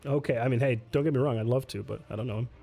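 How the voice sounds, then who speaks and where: A man at an ordinary middle pitch, streaming a solo tabletop game in a loose, chatty way. He reads rules aloud, mutters while moving pieces, and answers his chat between turns. Faint music plays softly behind him. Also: very fast, vocal fry. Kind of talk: casual livestream play-through.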